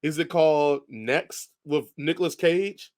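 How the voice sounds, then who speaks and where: A man co-hosting a podcast, chatting casually about movies, who often agrees with quick repeated words and laughs along. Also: fairly high pitch, no echo, clean studio sound. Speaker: podcast co-host. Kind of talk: casual movie review chat.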